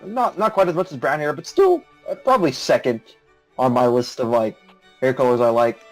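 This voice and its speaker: A man's voice: medium pitch, animated, brisk, soft background music, poor audio. A young man judging a round of an online card game with friends, thinking aloud as he weighs the cards. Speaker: judge of the round. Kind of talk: casual game chat with friends.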